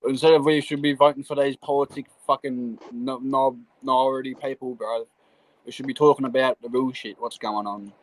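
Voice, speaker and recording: A man's voice: medium pitch, fairly even intonation, brisk, no room sound, low-quality recording. A man speaking hesitantly in a casual chat, swearing and restarting sentences.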